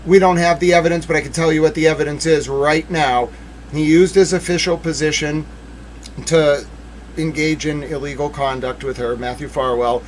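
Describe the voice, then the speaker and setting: Theatrical guy on a crime stream, higher voice, mutters then yells, faint background noise. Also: steady tone, normal speed, poor audio. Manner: theatrical, swings from hushed muttering to shouting. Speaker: livestream host. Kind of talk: excited true-crime livestream commentary.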